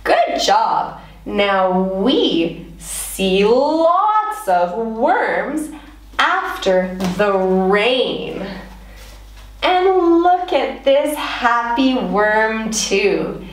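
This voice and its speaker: A woman's voice: a little high, sing-song, drawn-out words. A woman teaching English words to young children, prompting them to repeat and praising them in an encouraging, sing-song way. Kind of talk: slow children's vocabulary lesson. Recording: echoey room, voice a bit far from mic.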